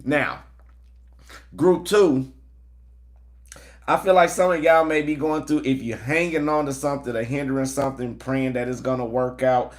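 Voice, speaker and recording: A man's voice: medium pitch, normal speed, long pauses. A man hosting a live-streamed tarot reading. He talks in a chatty way, greets viewers by name and gives earnest spiritual encouragement. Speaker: tarot reader.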